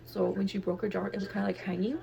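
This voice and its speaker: Fast-talking, profane young woman storyteller. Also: mid-range voice, creaky. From Texas. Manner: profane, animated, acts out quotes. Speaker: guest storyteller. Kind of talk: casual storytelling.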